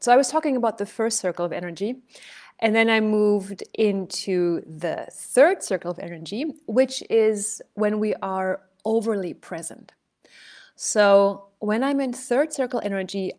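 A woman voice and speech coach talking casually, telling a story and shifting her loudness to illustrate her points. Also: medium pitch. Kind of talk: conversational coaching talk.

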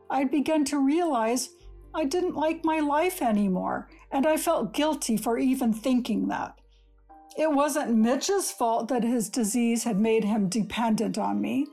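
A woman reading a first-person short story aloud in a gentle, measured storytelling manner. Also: high voice. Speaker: story reader.

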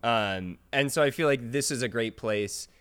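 A man co-hosting a podcast, playful and quick to laugh, chatting about doing accents. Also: mid-range voice, a bit bright, smooth. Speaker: podcast co-host. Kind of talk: casual chat.

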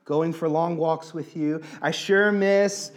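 A man voicing a remorseful young son who haltingly drafts and rewrites an apology letter inside a sermon. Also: a little high, steady tone, pitched below the performer's own voice. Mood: pleading. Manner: halting, self-correcting.

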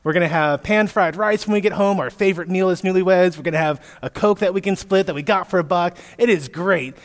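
A man in his thirties, a pastor giving a sermon, telling stories with lively asides to his listeners. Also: high voice, fairly quick. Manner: storytelling with animated asides to listeners. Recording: echoey hall, long reverb.

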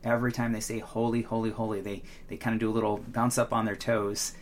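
A man's voice: lowish voice, flat delivery, quick pace, a little hiss or hum. A middle-aged man co-hosting a Bible study podcast, explaining earnestly in casual chat with frequent restarts. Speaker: podcast co-host, teacher.

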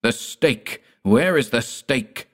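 A man's voice: lowish voice, expressive, normal speed, close to an everyday voice. A man voicing a grim adult village father from a storybook, firm and commanding. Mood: furious. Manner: firm, commanding, rising to fury.

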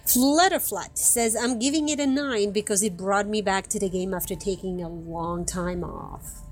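A woman's voice: medium pitch, moderate pace, faint music behind. A woman hosting a casual podcast, reading out listener comments with frequent giggles. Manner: giggly, apologetic about names. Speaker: podcast host.

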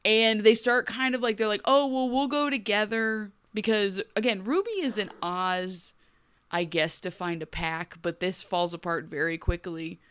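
A woman co-hosting a podcast, giving a wry, animated recap with frequent laughs. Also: on the low side, moderate pace, clean tone. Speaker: podcast co-host. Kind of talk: casual recap chat.

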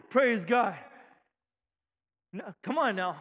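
A high-voiced man preaching in a church, his words ringing with a long hall reverb. He is a middle-aged pastor who builds to shouts, calls out "amen" and jokes with the people before him. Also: animated, drawn-out words, long pauses. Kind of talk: sermon. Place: church sanctuary.

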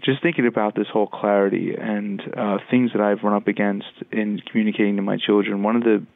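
Gravelly man over a tinny line. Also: fairly low pitch, level tone, no echo. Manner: reflective, halting, many fillers. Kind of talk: casual parenting discussion.

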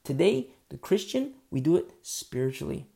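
A man preaching a sermon as pastor. He talks casually with fillers and restarts, then gets emphatic and slows down to stress key words. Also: on the high side, very animated, creaky, dark tone.

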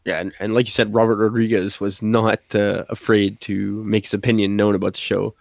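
Excited man talking fast and loose. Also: on the low side, creaky, dry recording, studio quality. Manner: animated, excited, many fillers and acted-out quotes. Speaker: podcast co-host. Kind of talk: casual chat.

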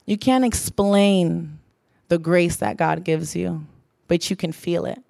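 A woman's voice: fairly low pitch, takes it slowly, creaky, darkish tone, no room sound, studio quality. Earnest young woman preaching. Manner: earnest, repeats phrases for emphasis. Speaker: church speaker. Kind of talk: sermon.

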